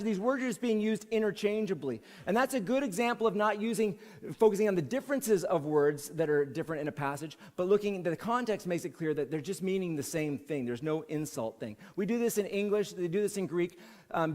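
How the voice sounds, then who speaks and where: A man's voice: sits high, fairly quick, a little mellow. A man preaching a sermon as senior pastor, in a conversational way that repeats key phrases for emphasis. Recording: long hall reverb.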